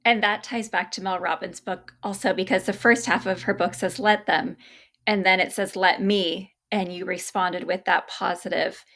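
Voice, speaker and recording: A woman's voice: medium pitch, steady tone, normal speed, fairly bright tone. Affirming woman podcast host. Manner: agreeable, reflective, affirming. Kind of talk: podcast interview conversation.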